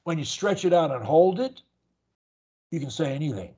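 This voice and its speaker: An older male speech coach talks a client through techniques, drawing out and repeating words as demonstrations. His voice sits a little high and comes across husky. The video call audio sounds dull and lo-fi. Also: expressive, moderate pace, warm tone. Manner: person who stutters. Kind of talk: one-on-one coaching session.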